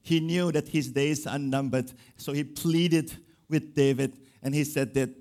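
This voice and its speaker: A man preaching a sermon, retelling a Bible story with lively acted-out quotes and frequent repeated words. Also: fairly high pitch, measured pace. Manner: animated, acts out voices in quotes, repeats words.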